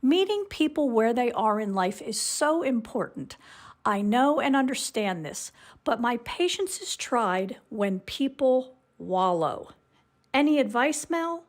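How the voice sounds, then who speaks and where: A woman's voice: on the high side, sing-song, a little slow. A woman leaving a recorded question for an advice show, speaking frankly and with exasperation. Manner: frank, exasperated, blunt about her frustration. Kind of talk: recorded voice message.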